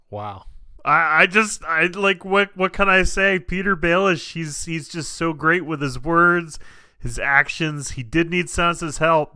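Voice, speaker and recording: A man's voice: fairly high pitch, bright, forceful tone, clear, resonant tone, dry recording. A man hosting a reaction video, chatting casually and thinking aloud with frequent restarts.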